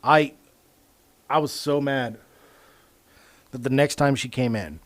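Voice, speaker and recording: A man hosting a podcast, telling work stories in a casual, profane, animated way. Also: medium pitch, slow. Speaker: podcast host. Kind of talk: casual storytelling chat.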